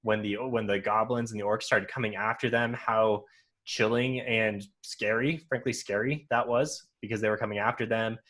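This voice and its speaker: A man's voice: on the low side, fairly even intonation, moderate pace, fairly bright tone. A man musing over a book at length. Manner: thoughtful, explains at length with restarts. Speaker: podcast co-host. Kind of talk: casual book discussion.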